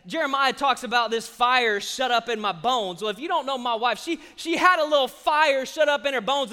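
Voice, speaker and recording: A man, preaching a sermon with animated, humorous storytelling. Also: extremely high pitch, big-room sound. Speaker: pastor.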